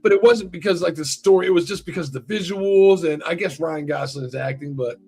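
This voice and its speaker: A man hosting a casual podcast, talking in a profane, rambling, animated way. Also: on the high side, brisk, creaky, slightly rough, soft background music. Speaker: podcast host. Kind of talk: casual chat.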